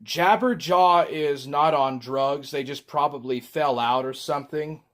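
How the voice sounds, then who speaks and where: A man's voice: fairly high pitch, a little slow, fairly bright tone. A man chatting casually on his livestream, rambling with frequent ums while reading chat.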